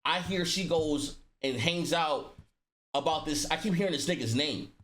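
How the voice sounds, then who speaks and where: A man's voice: fairly high pitch, moderate pace, a bit bright. A man telling a personal story in casual storytime style, slangy and profane, acting out the dialogue with voice shifts. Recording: roomy echo.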